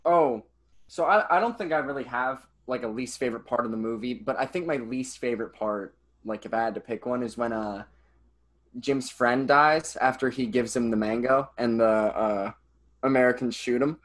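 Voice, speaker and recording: A man's voice: mid-range voice, normal speed. A young man co-hosting a casual film podcast, laughing often and putting on silly voices when quoting scenes. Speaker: podcast co-host.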